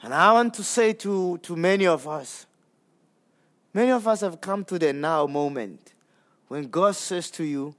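Guy preaching a sermon, pretty high voice, takes it slow, gets loud then drops real quiet. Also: lively intonation. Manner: conversational preaching, rising to emphatic peaks and dropping to hushed low lines; repeats words while gathering thoughts.

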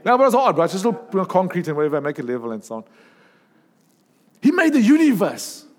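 A man preaching a sermon in a lively, humorous way, with asides and jokes. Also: high voice, fast, big-room sound.

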